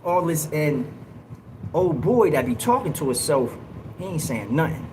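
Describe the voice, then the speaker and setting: A man hosting a livestream, telling a story in a casual, slangy, animated way and acting out what people said. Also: on the high side, measured pace, background noise. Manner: animated, slangy, acts out quotes in raised yells. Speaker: livestream host.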